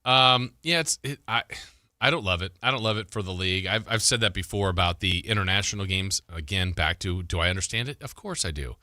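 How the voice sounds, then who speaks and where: Bright, dry-voiced sports radio host. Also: male voice, low-pitched, a little fast, dry recording. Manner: conversational, thinks aloud with fillers and restarts. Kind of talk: sports talk radio commentary.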